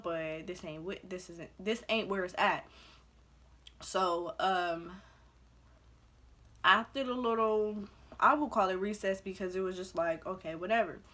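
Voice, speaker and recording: A woman's voice: mid-range voice, a bit bright. A young adult woman from Belize, a vlogger telling a casual storytime, chatty and full of "like", acting out the quotes. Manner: chatty, heavy use of "like", acts out quotes.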